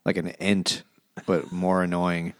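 A man's voice: low-pitched, completely flat delivery, unhurried, smooth. A man co-hosting a casual comedy book podcast, tossing in dry, wisecracking asides. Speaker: podcast co-host.

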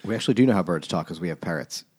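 A man with a low voice on a laid-back book podcast. He throws in short, deadpan jokes. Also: very fast, breathy edge. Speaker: podcast co-host. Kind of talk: casual book chat.

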